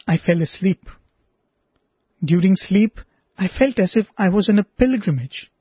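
A man reading a personal testimony aloud in an earnest, measured way, then speaking reflectively to listeners as a presenter. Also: sits high, slightly rough, no room sound. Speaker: devotional radio presenter. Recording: dry, slightly dull lo-fi recording.

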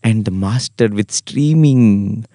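A man with an Indian English accent, hosting a devotional podcast talk in an earnest, storytelling way, often trailing off softly. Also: on the low side, slow, dry recording, studio quality. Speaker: spiritual podcast host.

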